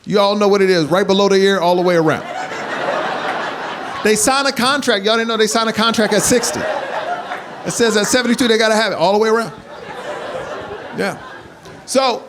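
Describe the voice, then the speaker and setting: High-voiced male comic, animated. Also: normal speed, long pauses. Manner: animated storytelling that builds to shouts. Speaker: stand-up comedian. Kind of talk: stand-up comedy. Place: comedy club stage. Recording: live club set with crowd laughter. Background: audience laughter and room hiss.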